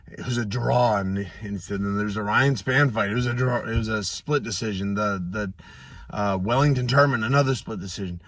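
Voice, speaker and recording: Casting: thirties man, low voice, halting casual storyteller, a bit off-mic, dry. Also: no room sound, recorded from a distance. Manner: halting, many restarts and fillers, excitable when telling good news. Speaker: pro fighter vlogger.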